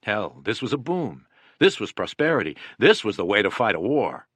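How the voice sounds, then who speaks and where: Man doing reflective soldier, measured, somber, low voice. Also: very animated, a bit bright, slightly rough, no echo, full character voice. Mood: bitter. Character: reflective male soldier writing of the war.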